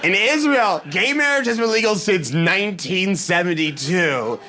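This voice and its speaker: A man performing a stand-up comedy set, telling animated stories and acting out the voices of people he quotes. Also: sits high, moderate pace, slight background noise. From Boston.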